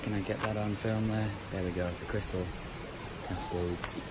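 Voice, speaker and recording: A man chatting casually to a handheld camera as a travel vlogger, relaxed and full of fillers. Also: fairly low pitch, moderate pace. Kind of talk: casual vlog narration. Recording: loud background noise.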